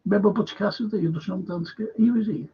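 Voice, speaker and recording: Scouse guy on a live stream, kinda high voice, husky, dull lo-fi audio. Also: fast talker. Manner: emphatic, repeats himself, quizzes his viewers. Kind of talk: rambling live-stream commentary.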